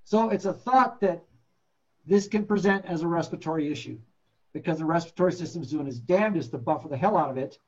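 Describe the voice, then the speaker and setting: A man's voice: fairly high pitch, fast talker, a little mellow, dull audio. Blunt, joking man teaching medics. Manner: blunt, joking, acts out patient stories. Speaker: paramedic instructor. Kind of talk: classroom lecture.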